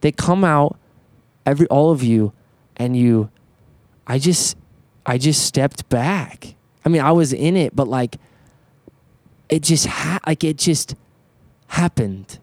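A man hosting a casual podcast conversation, telling an animated story, swearing freely and stumbling over repeated words as he talks. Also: fairly high pitch, takes it slowly, pauses often, no room sound. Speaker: podcast host.

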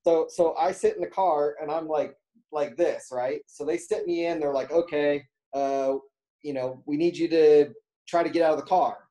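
Guy telling a long story in an interview, kinda mellow voice, lots of um and like. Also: fairly high pitch, steady tone, moderate pace, rough recording. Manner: rambling, many fillers, acts out quoted dialogue. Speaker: guest telling a racing story. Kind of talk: casual storytelling.

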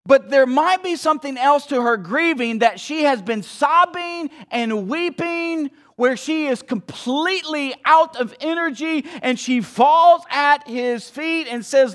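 A man preaching a sermon with a strikingly high voice. He speaks slowly and deliberately, swinging between hushed passages and emphatic pushes. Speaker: pastor.

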